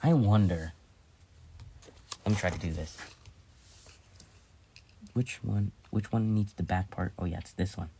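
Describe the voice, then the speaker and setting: A man's voice: low-pitched, unhurried, pauses often, dark tone, a little hiss or hum. A man in a casual vlog, explaining a hobby build in a rambling way, restarting and correcting himself as he works on it. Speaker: hobbyist vlogger.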